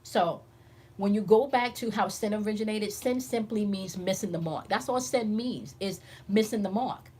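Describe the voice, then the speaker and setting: A woman's voice: mid-range voice, slightly rough. A woman hosting a casual spiritual teaching stream, talking emphatically and bluntly with lots of swearing, constantly checking in with her listeners. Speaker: spiritual teacher and channel host.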